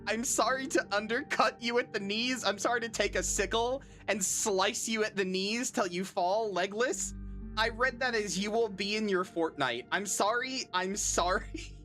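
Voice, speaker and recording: This thirty-something streamer has a somewhat high, slightly bright voice as she talks loosely with her viewers. Her chat wanders, the swearing comes easily, and her humor is dry and self-deprecating.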